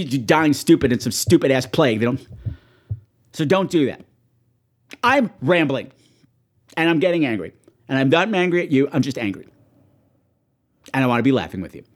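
A man hosting a horror movie show, talking casually and profanely to his viewers and shrieking in mock panic. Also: a little high.

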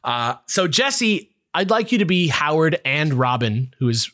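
Animated man telling a story on a podcast. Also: on the high side, measured pace, dry recording, studio quality. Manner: animated, acts out quotes. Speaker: podcast host.

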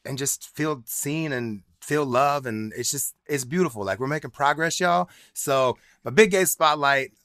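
A man co-hosting a podcast, chatting in animated, quick bursts. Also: mid-range voice, no room sound, studio quality. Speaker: podcast co-host. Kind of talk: casual chat.

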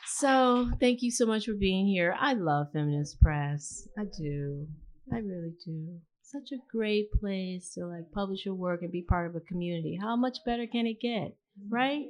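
A woman's voice: mid-range voice, moderate pace. A woman author at a live reading, telling a chatty anecdote to the audience. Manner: chatty storyteller, animated voices for dialogue. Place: live reading event indoors.

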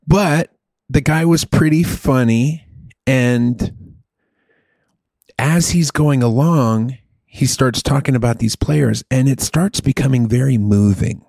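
A man's voice: mid-range voice, takes it slowly, creaky, no echo. Chatty middle-aged man, dry sound. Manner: animated, rambling, swears casually, says dude. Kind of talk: casual storytelling chat.

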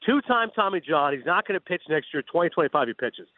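A man's voice: fairly high pitch, quick pace, dry recording. A man calling in as a sports analyst guest on a radio show, talking animatedly and acting out imagined conversations over a phone line. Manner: animated, acts out imagined dialogue. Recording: tinny dry phone line.

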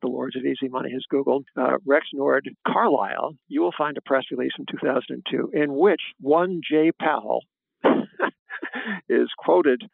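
A man hosting a podcast interview, talking haltingly with many fillers and a dry wit. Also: mid-range voice, gravelly, no echo. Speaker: podcast host. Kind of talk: conversational interview. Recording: phone-like line.

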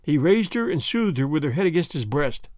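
Male audiobook narrator, slightly high, animated delivery. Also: a little fast, dry recording, studio quality. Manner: expressive storytelling. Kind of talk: scripted narration.

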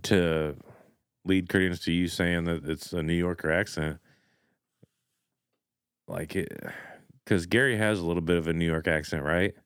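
Man, very low voice, smooth and resonant, casual podcast chat. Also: moderate pace, pauses often, no room sound, studio quality. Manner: relaxed, speculative, uses "like" often. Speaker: podcast co-host.

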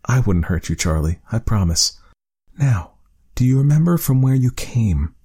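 A man voicing a female research doctor who speaks softly and sweetly to a child. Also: low-pitched, animated, a little slow, husky, exaggerated voice. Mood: soothing. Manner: soft, coaxing and friendly.

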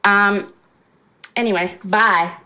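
A woman's voice: medium pitch, fairly even intonation, takes it slowly, noisy background. A woman co-hosting a podcast in casual comedic chat from a hotel suite, bubbly and rambling. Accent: Australian. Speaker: podcast co-host.

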